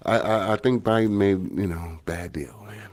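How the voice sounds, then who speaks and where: A man's voice: low voice, moderate pace. A man co-hosting a casual podcast, chiming in with short teasing remarks. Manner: teasing sidekick, short reactions. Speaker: podcast co-host.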